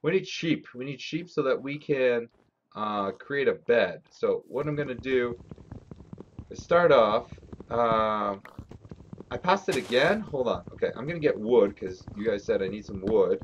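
A man's voice: mid-range voice, expressive, unhurried, slight background noise. A man streaming a game live, talking to his chat and swearing often as he grows frustrated. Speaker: gaming streamer. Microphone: desk mic. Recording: slightly dull lo-fi stream audio.

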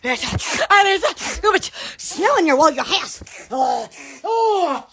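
A woman's voice: very high voice, very animated, slow, fairly bright tone, a little hiss or hum. A woman hosting a silly live stream, goofy and squealing, laughing a lot. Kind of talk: silly improvised live chat.

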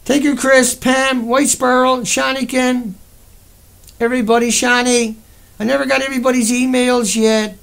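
A man's voice: very high-pitched, level tone, moderate pace, vocal fry, a bit bright, clean tone. A man with a Newfoundland accent hosting a livestream, ranting in a heated, rambling and profane way. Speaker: livestream host. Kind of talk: angry livestream rant.

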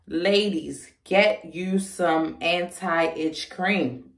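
A woman's voice: fairly low pitch, very slow, vocal fry, far from the mic. Chatty pregnant woman in an echoey room. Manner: chatty, frank, with many fillers. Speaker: vlogger. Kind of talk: casual chat.

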